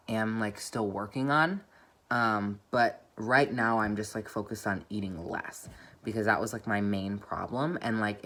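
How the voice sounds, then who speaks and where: Speaking from home in a casual vlog update, a young woman with a strikingly deep voice rambles along. She leans heavily on "like" and keeps teasing herself, chatty and self-deprecating throughout.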